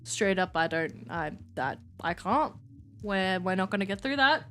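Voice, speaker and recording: Excitable woman streaming a game. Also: mid-range voice, unhurried, slight background noise. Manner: excitable, self-mocking. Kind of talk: live game streaming chat.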